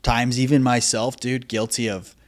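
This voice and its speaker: A man's voice: medium pitch, little pitch movement, normal speed. A man in his thirties hosting a casual interview, talking loosely with lots of "dude" and "like". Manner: casual, says "dude" and "like" a lot. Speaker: podcast host.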